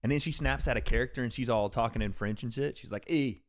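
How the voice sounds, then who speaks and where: A man's voice: mid-range voice, fast. A man hosting a casual livestream, reacting to fights and joking with chat in a rambling way. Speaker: livestream host reading chat. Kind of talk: casual live commentary on fights.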